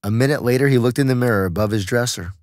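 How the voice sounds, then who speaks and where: In a clean studio recording free of room sound, a man delivers an audiobook narration at a steady, measured pace. His voice sits mid-range.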